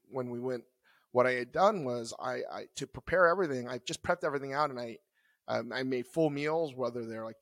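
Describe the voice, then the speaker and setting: A man in his forties co-hosts a podcast, rambling freely about food in casual chat. His voice sits at an ordinary pitch and sounds dry and close, with no room around it. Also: fairly bright tone, no echo. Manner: rambling, loose and conversational. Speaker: podcast co-host.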